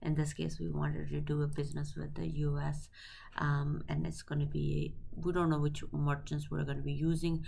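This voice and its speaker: A woman teaching accounting through a software walkthrough, halting and thinking aloud with many fillers and self-corrections. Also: low voice, flat delivery, gravelly, a little hiss or hum. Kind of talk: screen-recorded software tutorial.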